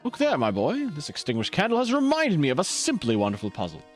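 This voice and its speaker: A man voicing a courteous, calm gentleman professor with a measured, polite manner. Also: on the high side, faint music behind, pitched above the performer's own voice. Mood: composed.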